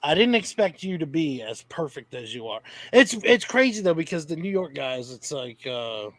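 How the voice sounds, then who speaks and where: A man hosting a casual podcast, rambling with enthusiasm and laughing easily. His voice sits a little high for a man, recorded close and dry with no room sound. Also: sing-song, moderate pace, fairly bright tone, no room sound. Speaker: podcast host.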